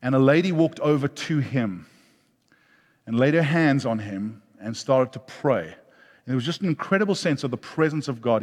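A middle-aged man preaching a sermon, animated, rising loud and then dropping soft. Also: mid-range voice, normal speed. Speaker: pastor. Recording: long hall reverb.

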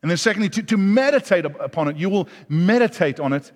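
A middle-aged man preaching a sermon, animated, rising loud and then dropping soft. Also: high-pitched, fast talker. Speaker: pastor. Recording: long hall reverb.

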